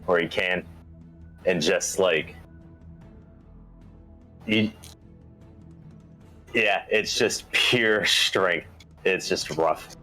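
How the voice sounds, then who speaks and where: A man's voice: low-pitched, very slow, pauses often, sharp tone, faint music behind, poor audio. A man playing a tabletop game, talking casually and hesitantly with many fillers. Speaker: player.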